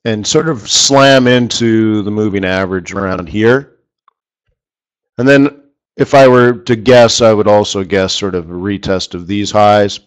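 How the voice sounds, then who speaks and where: A man's voice: lowish voice, unhurried. A man hosting a live forex trading session, chatty and rambling, tossing questions to his viewers as he goes.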